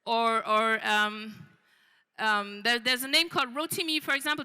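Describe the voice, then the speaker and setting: A woman author talks to an audience about her book. Her voice sits high and sounds very bright. She speaks off the cuff, filling pauses with ums and starting phrases over. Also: poor audio. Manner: unscripted, frequent ums and restarts. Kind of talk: book fair talk to an audience.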